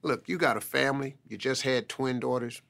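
A man's voice: medium pitch, normal speed, creaky, a bit bright. A man voicing a stern male office boss who lectures an employee in a story. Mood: scolding.

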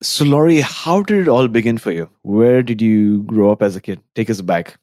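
A man's voice: on the low side, animated, normal speed, darkish tone, no echo, clean studio sound. A man hosting an interview, reading out a guest introduction and asking questions in an easy, upbeat way. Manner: reads guest introduction, then asks questions. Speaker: podcast host.

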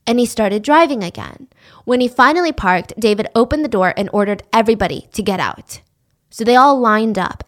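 A woman hosting a podcast, telling a true-crime story in a casual, animated way and acting out the people in it. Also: medium pitch. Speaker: podcast host.

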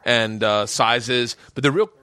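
A man's voice: mid-range voice, takes it slowly, bright, forceful tone, clear, resonant tone, no echo. A man casually telling a wild story, laughing often and acting out the quotes himself. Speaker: podcast guest.

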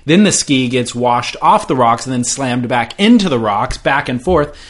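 Wry, teasing surf podcast host. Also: male voice, medium pitch, expressive, normal speed. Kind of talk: casual chat.

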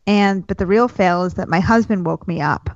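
A woman's voice: mid-range voice, normal speed, a little mellow, no room sound, dull audio. A woman co-hosting a casual chat, telling a story in an easygoing, hesitant way. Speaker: podcast co-host. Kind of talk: casual chat among friends.

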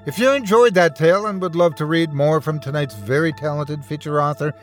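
Male horror podcast host, expressive narration, fairly high voice, faint music underneath. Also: fairly quick. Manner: expressive storytelling, warm sign-off. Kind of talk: scripted narration.

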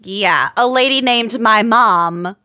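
A woman's voice: on the high side, slow pace, bright, forceful tone, no echo, clean studio sound. A woman co-hosting a podcast in casual chat, emphatic and matter-of-fact. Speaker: podcast co-host.

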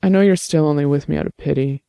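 A man voicing a shaken young woman who speaks softly and haltingly, close to tears. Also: a little high, gravelly, smooth, no echo. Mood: fragile, tearful. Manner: soft, halting, tearful.

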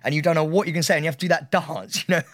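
A male podcast co-host tells stories with lots of energy and frequent laughter. His voice sits a little higher than most men's. The mic is close and dry. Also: rapid-fire, no room sound. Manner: animated storyteller, laughs a lot. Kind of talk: casual chat.

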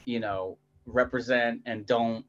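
A man guesting as a comedian who tells his stories in a halting way and laughs through them. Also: medium pitch, steady tone, a bit bright. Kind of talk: casual chat. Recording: muffled lo-fi audio.

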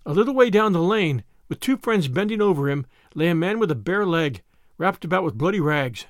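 Dramatic male storyteller for a classic novel; high, animated voice, dry studio booth. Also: brisk, no room sound. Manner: dramatic, expressive reading. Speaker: audiobook reader. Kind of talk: scripted narration of a classic novel.

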